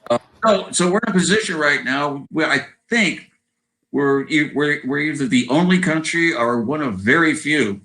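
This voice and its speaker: This man, around seventy and from Southern California, is a guest musician chatting casually on a video call with poor audio. His slightly high, American-accented voice has lively intonation and sounds bright and forceful at normal speed, and he rambles, often adding "you know" and "right?".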